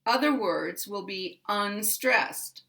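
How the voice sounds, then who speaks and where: An American woman gives a pronunciation lesson at a very slow, careful pace. She stretches out her words and exaggerates her intonation, leaning hard on stressed syllables so learners can follow. Her voice sits at a middling pitch for a woman. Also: vocal fry, bright, forceful tone. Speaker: pronunciation teacher. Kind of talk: slow, deliberate teaching.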